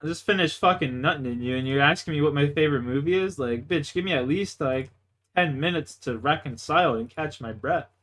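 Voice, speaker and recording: Young male streamer, higher voice, bright and forceful, crude boastful rambler. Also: brisk. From Canada. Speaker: gaming livestreamer. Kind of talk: casual storytelling chat.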